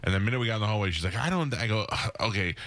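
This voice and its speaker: A man's voice: on the low side, a bit bright, dry recording. A male radio host telling stories in casual studio chat and acting out the people he quotes. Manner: fast-talking storyteller, acts out quoted voices.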